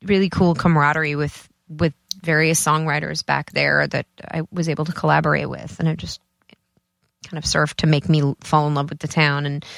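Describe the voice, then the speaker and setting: A woman in her forties from the US East Coast talks as a podcast guest, a little low in pitch. She is chatty and self-deprecating and often restarts her sentences. The sound is dry and close. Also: flat delivery, brisk, creaky, fairly bright tone, dry recording. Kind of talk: casual chat.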